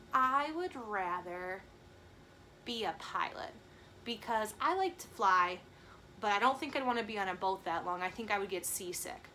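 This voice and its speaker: A young woman teaching a children's camp video lesson, speaking gently and clearly and encouraging the kids. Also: a little high, slight background noise.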